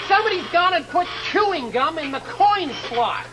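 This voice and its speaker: Animated sketch performer, woman, high lively voice, noisy tape. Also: normal speed. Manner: animated and exclaiming. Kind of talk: sketch comedy. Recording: noisy old TV recording.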